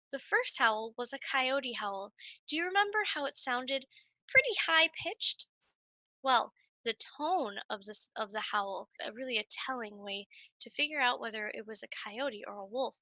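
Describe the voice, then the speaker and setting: Bright, high-voiced woman teaching kids. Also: dry recording. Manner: animated, sing-song, speaks straight to children. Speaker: children's nature educator as a coyote mascot. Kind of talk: lesson for young kids.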